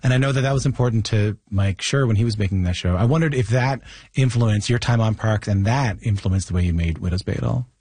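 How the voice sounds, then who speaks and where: A man's voice: lowish voice, brisk, darkish tone, slightly rough, no room sound. A man hosting an interview, asking long, rambling, hedging questions. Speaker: interviewer host. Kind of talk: interview conversation.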